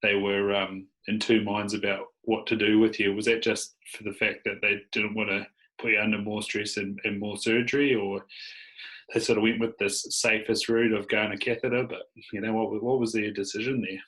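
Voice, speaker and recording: Podcast host guy, bright voice, a bit low, laid-back questions with lots of ums. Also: flat delivery, moderate pace, poor audio. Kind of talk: casual interview.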